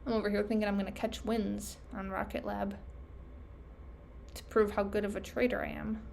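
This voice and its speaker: A woman's voice: medium pitch, little pitch movement, moderate pace, vocal fry, a little mellow, slight background noise. A young woman trader thinking aloud over her charts, self-critical and trailing off, losing her voice. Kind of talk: casual self-talk screen recording.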